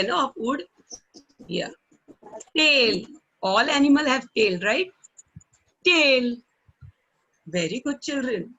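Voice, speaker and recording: A middle-aged woman with an Indian English accent teaching children in an online class. She talks slowly and patiently, repeating words for the children to copy and often checking in with a coaxing "okay?". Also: medium pitch, a bit bright, breathy edge, highs cut off. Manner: ends phrases with coaxing "okay?". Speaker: primary school English teacher. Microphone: online call microphone.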